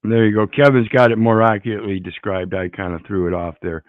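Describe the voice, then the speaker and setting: A man's voice: lowish voice, little pitch movement, fast talker, no room sound. Wry man on a dull dry call line. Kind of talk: casual panel talk, telling anecdotes.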